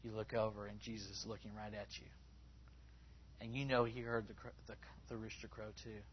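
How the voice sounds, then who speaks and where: A man preaching a conversational sermon to a congregation, acting out people's words in a higher voice as he quotes them. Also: flat delivery, a little fast, a little hiss or hum. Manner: conversational, rising in pitch when acting out quotes. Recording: slightly dull, lo-fi recording.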